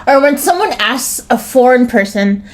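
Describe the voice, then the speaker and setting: Hosting her own podcast, an American woman with a high, animated voice rants solo at normal speed. She swears heavily, rambles, restarts sentences, and leans on "like" nonstop.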